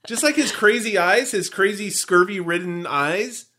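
A man co-hosting a casual movie breakdown podcast, animated and playfully swearing. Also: high voice, measured pace. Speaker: podcast co-host.

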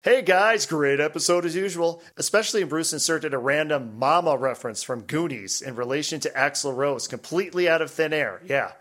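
A man with a slightly high voice reads listener emails aloud on a casual podcast. He jokes around and laughs often between the lines. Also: fairly quick, hardly any pauses, a bit bright. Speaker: podcast co-host.

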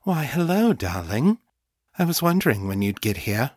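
A man's voice: medium pitch, sing-song, moderate pace, slightly rough, no room sound, studio quality. A man voicing a sultry, affectionate woman who purrs her words in an audiobook story. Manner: purring, affectionate.

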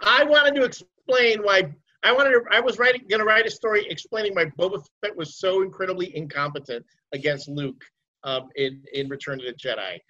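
A man's voice: high voice, brisk, sharp tone. A man co-hosting a casual chat, rambling and swearing freely. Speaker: podcast co-host. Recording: dull lo-fi sound.

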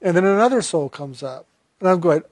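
A man's voice: sits high, lively intonation, brisk, dry recording. A man, a spiritual teacher, animatedly telling a story from his meditation and sometimes laughing. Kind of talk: storytelling talk about meditation.

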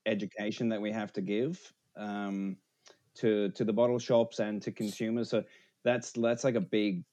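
Welsh-born brewer, low-ish voice, relaxed podcast guest who pauses a lot. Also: male voice, highs cut off. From Wales. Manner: laid-back, laughing, halting with fillers. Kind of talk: casual podcast chat.

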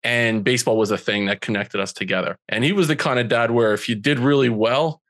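A man's voice: mid-range voice, fairly bright tone, no room sound. Earnest man in his forties, dry sound. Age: 40s. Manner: earnest, slow and emotional when recalling hurt. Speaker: guest. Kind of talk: personal storytelling in a podcast interview.

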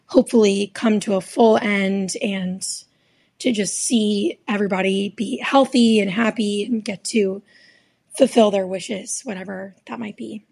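Raspy young woman musician. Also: medium pitch, darkish tone. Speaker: musician guest. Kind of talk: recorded interview answers.

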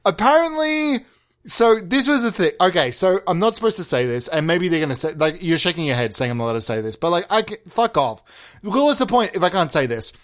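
A man hosting a comedy podcast, swearing often and swinging between loud excited bursts and mock-calm mumbling. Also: high-pitched, brisk. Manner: swears a lot. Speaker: podcast host. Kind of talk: absurdist comedy monologue.

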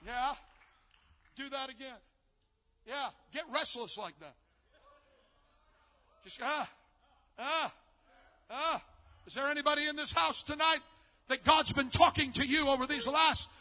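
A man preaching a live sermon at a church service, swinging between fervent shouting and a hushed storytelling tone. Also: very high voice, measured pace, long pauses, big-room sound. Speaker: youth conference preacher.

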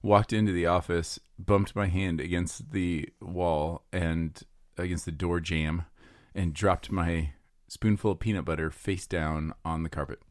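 A man's voice: low voice, fairly even intonation, unhurried, hardly any pauses, no room sound, studio quality. A man hosting a casual church podcast, teasing his co-host and laughing often, jet lagged today.

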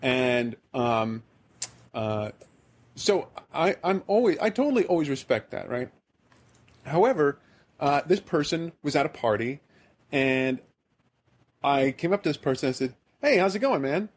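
A man's voice: medium pitch, animated, unhurried, pauses often. A man from the American Midwest hosting a podcast, telling a rambling, self-deprecating story in casual chat. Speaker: podcast host.

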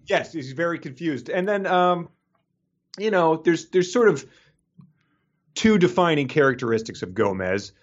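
A man's voice: a little high, expressive, a little slow, pauses often, highs cut off. A man co-hosting a podcast in casual chat, talking with many fillers and restarts and laughing often. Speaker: podcast co-host. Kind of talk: casual chat reviewing a book.

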